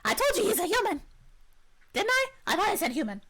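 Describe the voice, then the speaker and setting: A woman voicing an eager, simple-minded kobold who answers in halting bits with many drawn-out uhs. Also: extremely high pitch, very animated, fairly bright tone, pitched above the performer's own voice, heavily acted. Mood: eager, vague.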